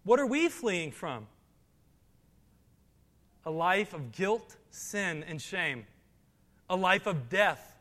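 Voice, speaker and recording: A man's voice: high voice, very animated, slow pace, long pauses, fairly bright tone. A man preaching a sermon, reading scripture aloud and building to emphatic, rising passages. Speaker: pastor. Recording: long hall reverb.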